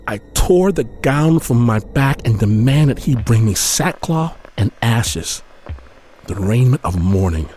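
A man narrating a dramatic story in a measured, grave voice with dramatic pauses. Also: fairly low pitch, a little mellow.

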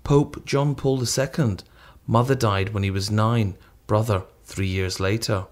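A man's voice: on the low side, steady tone, a little slow. Wry male documentary narrator. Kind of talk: scripted narration.

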